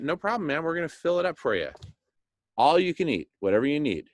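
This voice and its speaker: A man talking with enthusiasm, pitching a plan and acting out little scenes, with "right?" thrown in often. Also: lively intonation, fairly quick, no echo. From Hispanic background, speaks Spanish. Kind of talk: animated monologue.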